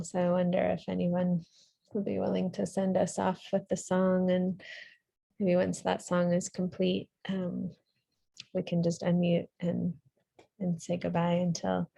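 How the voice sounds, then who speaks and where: A woman gently leading a circle on a video call, soft and hesitant. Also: on the low side, gravelly, no room sound, low-quality recording. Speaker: circle facilitator.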